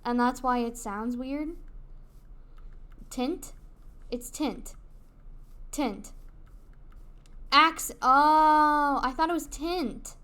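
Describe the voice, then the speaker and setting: Woman streamer, casual gaming chat, giggly, rambling, slightly high voice, unhurried. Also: bright, forceful tone.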